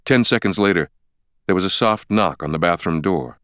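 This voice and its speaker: A deep male voice reads an audiobook with steady, measured pacing. His tone is smooth and resonant, recorded close and completely dry. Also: dry recording. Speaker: audiobook narrator. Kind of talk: scripted audiobook narration. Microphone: close studio mic.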